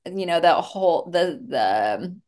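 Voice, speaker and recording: A woman's voice: lowish voice, expressive, slow, a little mellow. A middle-aged woman, a therapist and mother, talking candidly and reflectively as a guest in an interview. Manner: candid and reflective, with many restarts. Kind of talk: casual conversational interview.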